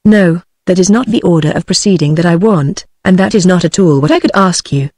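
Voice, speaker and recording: Stammering timid male clerk, storybook figure, halting and repetitive, read by a synthetic woman's voice, dry close sound. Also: on the low side, a little mellow, dry recording, lightly acted. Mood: hesitant.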